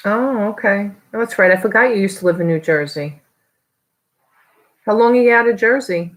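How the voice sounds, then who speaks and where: A woman with a New York accent chatting casually on a live stream, rambling and quick to laugh. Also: medium pitch, poor audio. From New York area. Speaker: online reseller vlogger.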